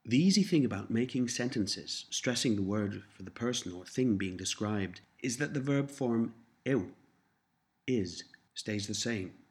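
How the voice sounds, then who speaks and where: A man reads a language course in a slow, deliberate way, with a fairly low voice. He speaks each prompt and then says each answer twice, giving the learner time to repeat. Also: darkish tone. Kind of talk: scripted language lesson narration.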